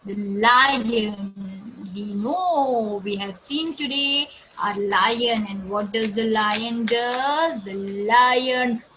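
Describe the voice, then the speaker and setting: Slow-speaking Indian woman teacher. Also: on the high side, noisy background. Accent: Indian English. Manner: slow, sing-song and explaining, imitates animal sounds. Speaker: schoolteacher. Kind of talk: online English lesson for young children.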